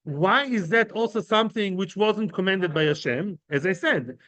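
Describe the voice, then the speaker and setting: A man with a high, lively voice gives an informal Talmud lesson to a class of men, speaking at normal speed with a fairly bright tone and no echo. He explains each term with everyday examples, keeping it conversational and often checking in with "right?" and "yeah?"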